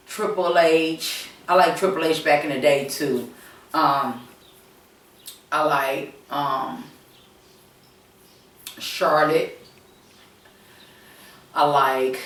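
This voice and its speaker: A woman's voice: low-pitched, recorded from a distance. A woman host chatting casually to her viewers, rambling and repeating herself with plenty of fillers. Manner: rambling, repetitive, many fillers, addresses viewers directly. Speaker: channel host. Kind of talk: casual storytelling chat. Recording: roomy echo, speaking away from the mic.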